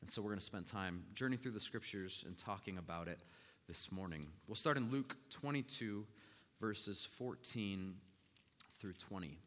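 Bright-voiced preacher in an echoing hall. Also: male voice, on the low side, animated, moderate pace. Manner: dramatic storytelling, swinging from loud to hushed. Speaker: pastor. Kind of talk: sermon. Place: church sanctuary. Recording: long echoing hall reverb.

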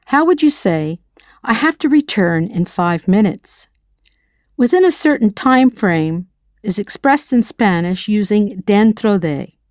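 A language teacher leads a scripted audio lesson, quizzing the listener in a light, playful way. Her middle-pitched, slightly mellow voice has lively intonation and a measured pace. The recording is dry and close, with no room sound.

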